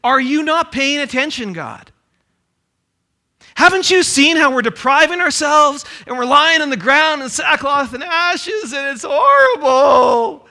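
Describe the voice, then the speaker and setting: A man's voice: extremely high pitch, animated, unhurried, pushed and bright, pitched above the performer's own voice, full character voice. A man voicing a self-pitying worshipper who whines and wails for attention. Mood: whiny. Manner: whiny, wailing complaint. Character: whiny self-pitying worshipper demanding notice.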